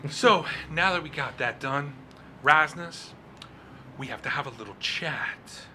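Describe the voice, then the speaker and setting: A man voicing a suave, menacing man who speaks in a smooth, politely threatening way. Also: on the high side, a little slow, bright, forceful tone, slight background noise, pitched above the performer's own voice. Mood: calm commanding.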